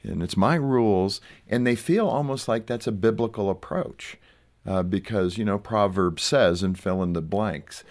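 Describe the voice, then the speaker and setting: Deep-voiced man hosting a talk show. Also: normal speed, a little mellow. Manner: asks questions, laughs along with guests. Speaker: radio host. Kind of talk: interview conversation.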